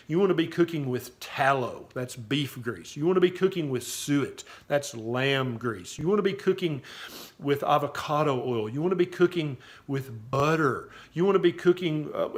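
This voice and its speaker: Emphatic Southern man, higher voice. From Southern US, Tennessee. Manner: emphatic, folksy, repeats "okay?" to drive points home. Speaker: doctor giving health advice. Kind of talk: direct-to-camera health talk.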